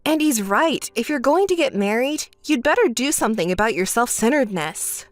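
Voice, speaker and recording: A woman voicing a calm, level-headed young woman who answers her sister flatly and sarcastically, in a texting-story voice-over. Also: a little high, a little fast, no echo, faint music behind, lightly acted. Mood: dry. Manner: flat, dry, sarcastic.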